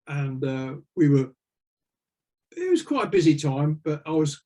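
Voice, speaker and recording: A slightly mellow, higher-pitched voice belongs to an older interviewee who served in the navy and is now retired. He tells loose, wandering anecdotes full of fillers, in a relaxed storytelling mode.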